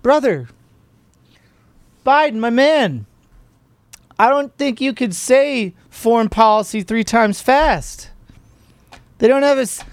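A man's voice: very high voice, clear, resonant tone, no room sound. Man, show host, casual commentary, mocking, exasperated, dry close recording.

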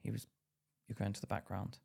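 Brisk and creaky, this podcast co-host's voice is fairly low in pitch. He tells stories in a casual chat, animated throughout, acting out quotes and laughing often.

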